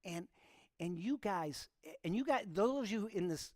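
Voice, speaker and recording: A man in his fifties preaches in a loose, conversational way, poking fun at himself and talking straight to the congregation. His voice sits a little higher than most men's. The sound is close and dry, with hardly any room around it. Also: lively intonation, unhurried, no echo. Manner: informal, self-deprecating, talks straight to the congregation. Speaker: pastor. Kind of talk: conversational sermon storytelling. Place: church.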